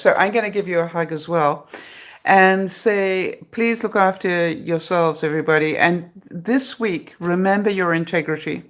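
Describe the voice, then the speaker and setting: A middle-aged woman chatting on a live stream from her phone, laughing often and joking with a sarcastic edge. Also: lowish voice. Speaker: vlogger hosting a live broadcast. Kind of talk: casual live-stream chat.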